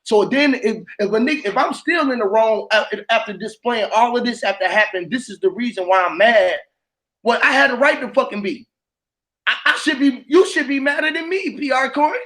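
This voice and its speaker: A man's voice: extremely high pitch, a little fast, sharp tone, low-quality recording. A man on a livestream panel, talking in an angry, profane and repetitive way. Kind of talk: heated livestream chat.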